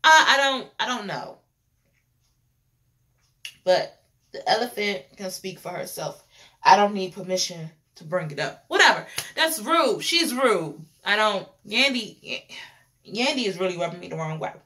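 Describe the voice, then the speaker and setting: A woman's voice: mid-range voice, very animated, unhurried, bright, forceful tone. A young woman talks through a reality show episode. She is chatty and opinionated, repeats phrases and laughs often. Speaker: reality TV reviewer. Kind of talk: casual chat.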